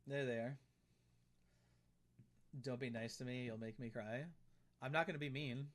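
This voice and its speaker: A man in an ordinary mid-range voice hosts a live game stream. He reads his chat out loud and replies in loose, friendly talk, often saying the same phrase two or three times over. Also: mid-range voice, steady tone, normal speed. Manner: chatty, reads and answers chat aloud, repeats phrases.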